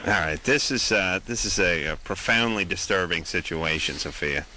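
A man's voice: sits low, moderate pace, sharp tone, slight background noise. A man hosting a call-in radio show, blunt and wisecracking with callers.

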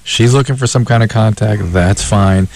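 A man's voice: fairly low pitch, moderate pace, a little mellow, no echo. A man hosting a call-in radio show, giving direct, matter-of-fact advice to callers.

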